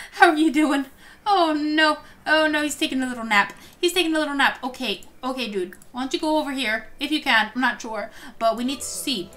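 A woman hosting let's-play commentary, excitable, gasping often and talking straight to her viewers. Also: high voice. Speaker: gameplay host.

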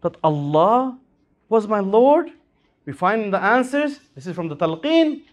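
A man's voice: high-pitched, sing-song, a little slow. A man preaching a sermon in an Islamic center hall, in a fervent, rising-and-falling delivery.

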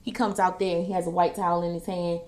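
A woman vlogger telling a story in a casual, animated way as she does her makeup, acting out what the wrestlers said. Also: on the low side, fast. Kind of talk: casual recap while doing makeup.

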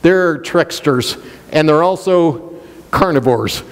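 A man's voice: on the high side, expressive, slow pace, big-room sound. A male pastor preaching a sermon, questioning the congregation and joking with them. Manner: playful, jokes and laughs.

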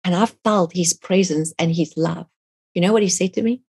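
A woman's voice: lowish voice, normal speed, gravelly, darkish tone, husky. A middle-aged woman, an author and guest, telling her faith story in a fervent, earnest way. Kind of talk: personal faith testimony.

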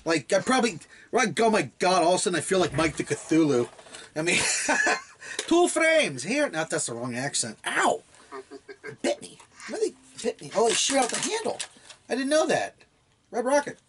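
A man chatting casually while unboxing a gift, rambling and excitable, often laughing. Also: high voice, fairly quick, background noise. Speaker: toy blaster hobbyist unboxing a gift.

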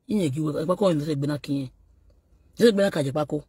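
Very husky Nigerian man ranting. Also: fairly high pitch, fast talker, warm tone, dry recording, clean studio sound. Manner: scolding, taunting, code-switching into Yoruba. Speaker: online video host. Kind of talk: ranting message to a rival.

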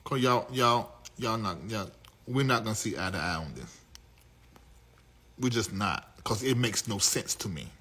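A man's voice: expressive, measured pace, husky. Sassy flamboyant male talk show host. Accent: Southern US. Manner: sassy, flamboyant, swings from low mutters to loud outbursts. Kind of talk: live talk show monologue to chat.

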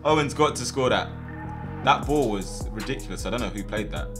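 A young man giving casual, slangy commentary over his own football video game matches, with sudden loud outbursts at big plays. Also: mid-range voice, animated, fairly quick, over music. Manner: casual slangy chat to viewers. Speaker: gaming video host. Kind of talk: live gameplay commentary.

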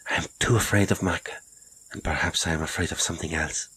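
A man voicing a weary, haunted castaway woman with a grave, slow voice. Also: low voice, steady tone, pushed and bright, husky, heavily acted. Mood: grave, afraid.

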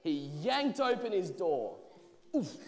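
Brief: expressive male storyteller for kids, slow and lively, on a church stage with long reverb. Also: mid-range voice. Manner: expressive, drawn-out phrasing. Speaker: children's storyteller. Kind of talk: animated Bible storytelling for children.

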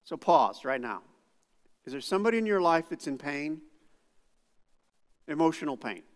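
A middle-aged male pastor preaching a sermon, moving from quiet asides to loud outbursts. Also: a little high, sing-song, normal speed, long reverb tail. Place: church sanctuary.

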